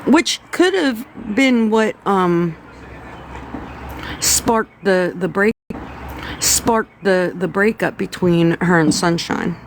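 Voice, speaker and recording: A woman's voice: mid-range voice, animated, slow, slight background noise. A woman hosting a casual commentary livestream, blunt and exasperated, repeating her points and swearing. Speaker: livestream host.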